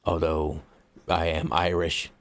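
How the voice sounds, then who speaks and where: Deep-voiced blunt, cussing American man. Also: little pitch movement, slow pace, clean tone. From United States. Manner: blunt and profane, loose rambling delivery. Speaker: author reading his own book. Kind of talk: casual chat to viewers before a reading.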